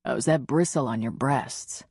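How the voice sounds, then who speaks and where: A woman reading the part of a gentle, confident man in an audiobook romance, speaking in a low, reassuring murmur. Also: measured pace, husky, no room sound, clean studio sound, full character voice. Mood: tender. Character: tender confident adult man, a lover.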